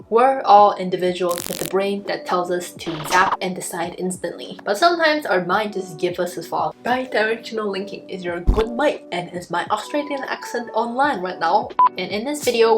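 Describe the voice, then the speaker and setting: A young woman student giving a playful, chatty scripted explanation in an educational vlog. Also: mid-range voice. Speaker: student video creator. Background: background music.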